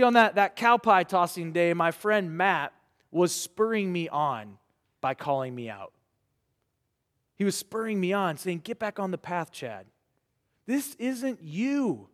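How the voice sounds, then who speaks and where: Earnest preacher guy, higher voice, asking the crowd questions, echo of a big hall. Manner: earnest, rhetorical questions, dramatic pauses. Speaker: pastor. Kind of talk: sermon. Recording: reverberant hall.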